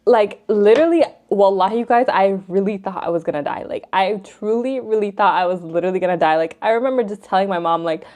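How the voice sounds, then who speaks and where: A young woman in a casual get-ready-with-me vlog, telling a personal story with lots of fillers and direct asides to her viewers. Her voice sits at an ordinary pitch. She gets emotional and animated while she talks. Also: fairly quick. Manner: chatty, filler-heavy, says "like" and "you guys" constantly. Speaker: vlogger.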